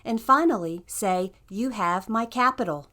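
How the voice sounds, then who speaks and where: A woman's voice: medium pitch, unhurried, sharp tone. A woman narrating a scripted language lesson in an upbeat, encouraging way. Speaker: language teacher.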